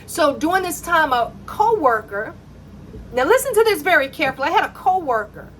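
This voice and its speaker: A middle-aged woman telling a personal faith story as a mother, animated and acting out the dialogue in it. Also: high voice, fairly quick, slight background noise.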